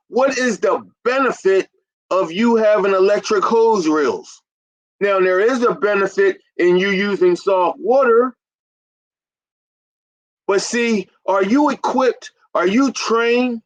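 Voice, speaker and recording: A man in his fifties, a business consultant, talking emphatically to an audience he calls ladies and gentlemen. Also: high-pitched, rough recording. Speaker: carpet cleaning business consultant. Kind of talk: promotional business talk.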